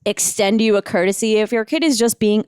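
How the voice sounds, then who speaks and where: A woman co-hosting a podcast in casual chat, reacting quickly with animated comments. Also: mid-range voice, clean tone, no room sound, studio quality. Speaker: podcast co-host.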